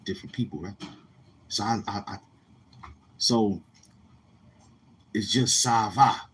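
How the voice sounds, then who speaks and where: A man telling casual stories in a slangy, rambling way, often repeating himself and acting out other people in a higher voice. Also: slow pace, fairly bright tone, slightly rough. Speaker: YouTuber. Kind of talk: casual street-talk storytelling.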